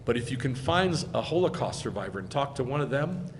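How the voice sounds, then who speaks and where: A male rabbi giving a sermon in an American accent, conversational and emphatic, swinging between loud and quiet. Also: mid-range voice, big pitch swings, fairly quick, long reverb tail, a little hiss or hum. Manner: emphatic, conversational preaching with wide swings in loudness. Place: congregation hall.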